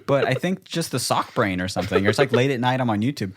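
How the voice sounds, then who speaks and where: A man's voice: medium pitch, expressive, quick pace. A young man co-hosting a casual podcast, playful and joking, swearing freely as he chats. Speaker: podcast co-host. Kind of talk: casual chat.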